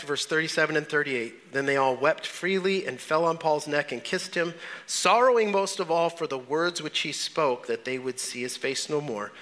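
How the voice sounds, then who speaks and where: A man preaching a sermon as pastor, earnest and urging, his voice swinging from loud highs to soft lows. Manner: earnest, rising and falling in pitch and volume, preaching with pauses.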